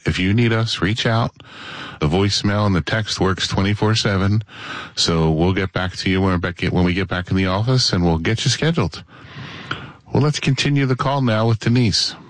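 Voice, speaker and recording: Low-voiced man hosting a call-in show. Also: dry recording. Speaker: radio show host. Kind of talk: host announcement on a call-in show.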